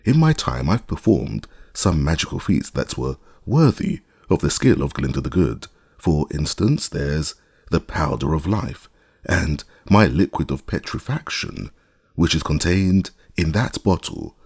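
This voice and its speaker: A man's voice: rumbling low, big pitch swings, unhurried, creaky, darkish tone, slightly rough, full character voice. A man voicing a boastful old male magician who lectures about his own inventions.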